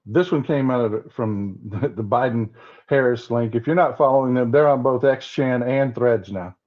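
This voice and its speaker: A man's voice: medium pitch, moderate pace, phone-quality sound. Blunt Southern man, repetitive commentary. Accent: Southern American. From Southern United States. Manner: blunt, repeats himself with many restarts. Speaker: political commentary host. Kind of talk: livestream political commentary.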